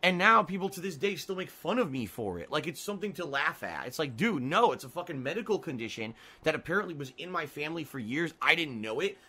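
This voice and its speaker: A man's voice: on the high side, sing-song, fast, few pauses, bright, forceful tone, slightly rough, poor audio. A man streaming a game live, commenting as he plays, often frustrated and swearing. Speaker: gaming streamer.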